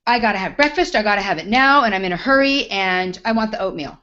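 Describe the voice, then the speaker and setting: A woman's voice: mid-range voice, animated, fast, pushed and bright, lo-fi sound. A woman voicing an impatient, demanding woman customer at a restaurant, insisting on her order in a pushy, snappish way.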